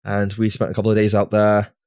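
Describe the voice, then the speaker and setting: Rambling man, low and dry. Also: monotone, quick pace, a little mellow, smooth, no room sound. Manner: rambling, restarts, filler words. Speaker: podcast co-host. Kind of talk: casual chat over drinks.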